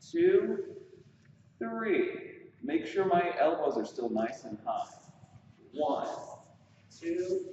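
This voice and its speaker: Echoey dance teacher counting beats. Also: male voice, fairly high pitch, slight background noise. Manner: counting beats aloud while dancing, encouraging. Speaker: dance instructor. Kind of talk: follow-along dance drill instruction. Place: studio with large windows. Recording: echoey room, far from the mic, dull sound.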